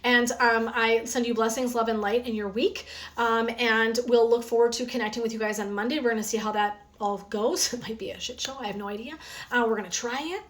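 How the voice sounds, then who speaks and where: A woman coach talks to her viewers on a phone live stream, in a slightly high, lively voice. She is chatty and energetic, full of little fillers. Her throat is sore from talking. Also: fairly quick. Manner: chatty and energetic, frequent "um" and "right?". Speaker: wellness coach. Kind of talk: casual live stream chat.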